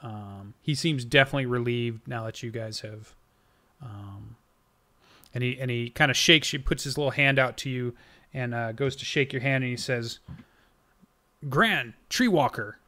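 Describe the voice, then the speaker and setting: A man's voice: mid-range voice, normal speed. Man narrating as game master. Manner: relaxed, filler-heavy narration. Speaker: dungeon master.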